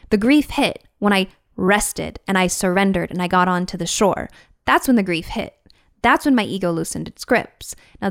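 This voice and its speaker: Earnest woman in a dry close room. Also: dry recording. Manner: earnest and encouraging, acts out inner voices with big pitch jumps. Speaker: podcast host and recovery coach. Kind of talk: solo podcast talk. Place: room with a whiteboard.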